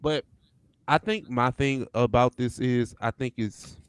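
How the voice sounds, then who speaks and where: A man's voice: medium pitch, unhurried, clear, resonant tone, no room sound. A man hosting a podcast in casual chat, laid-back and laughing often. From St. Louis area. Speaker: podcast host.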